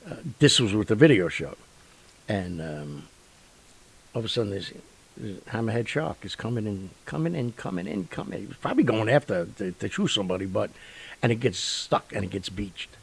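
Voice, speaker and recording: A man hosting a show, telling stories in a rambling, animated way with lots of fillers and sound effects. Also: fairly low pitch, brisk, gravelly, slightly rough, rough recording. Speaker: radio show host. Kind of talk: casual storytelling monologue.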